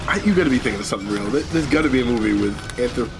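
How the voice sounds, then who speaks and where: A man's voice: medium pitch, lively intonation, very fast, vocal fry, over music. A man casually commenting on a video game, joking and rambling as he goes. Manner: joking, rambling, self-deprecating. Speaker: let's play commentator.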